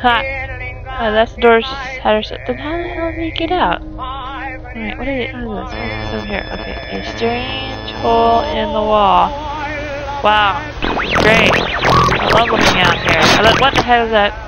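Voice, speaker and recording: A woman's voice: a little high, very animated, moderate pace, gravelly, over loud music. A young woman commenting on her game as she plays, chatty and swearing as she reacts. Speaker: gamer. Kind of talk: let's play commentary.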